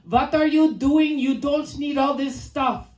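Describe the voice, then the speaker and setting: A woman's voice: high-pitched, unhurried, darkish tone, pitched above the performer's own voice. A woman voicing her father, a blunt middle-aged immigrant man scolding his daughter. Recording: echoey room.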